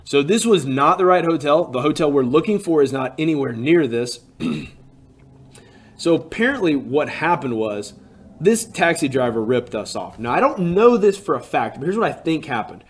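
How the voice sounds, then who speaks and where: A man casually telling a personal story, animated and full of "like" fillers. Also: a little high, moderate pace, breathy edge.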